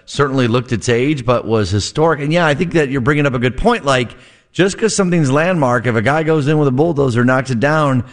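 A man's voice: mid-range voice, a little fast. A man filling in as a radio host, chatting casually and prompting his guest. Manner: friendly, conversational, prompting the guest.

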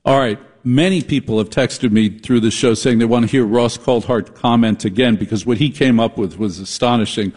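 Man, talk radio host, comedic rant, husky voice. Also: medium pitch, darkish tone. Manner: riffing, mocking, switches into quick impressions.

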